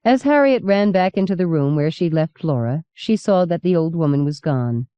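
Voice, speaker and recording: A woman narrating an audiobook in a measured, steady reading. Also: lowish voice, clean tone, no room sound. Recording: dull lo-fi cassette recording.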